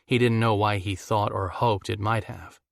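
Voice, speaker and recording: A man narrating a fantasy audiobook in a steady, measured way. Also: lowish voice, gravelly, dry recording, studio quality. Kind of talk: scripted narration.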